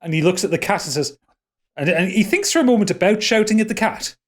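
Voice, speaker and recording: A man's voice: high voice, expressive. Guy running a tabletop game, stops and restarts a lot, casual narration. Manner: loose, halting, many restarts. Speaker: game master.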